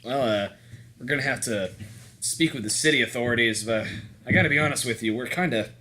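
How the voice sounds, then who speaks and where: A man voicing a gruff, fed-up middle-aged coffee shop owner with a put-on Southern accent. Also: mid-range voice, brisk, sharp tone, slight background noise, close to an everyday voice. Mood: weary. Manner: gruff, cursing, weary.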